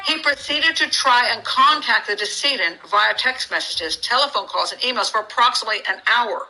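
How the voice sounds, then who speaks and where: A woman's voice: fairly high pitch, a little fast, pushed and bright, slight background noise, low-quality recording. A woman giving casual commentary on a criminal case, reading from documents and thinking aloud with many restarts, incredulous and sarcastic. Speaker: true crime commentator.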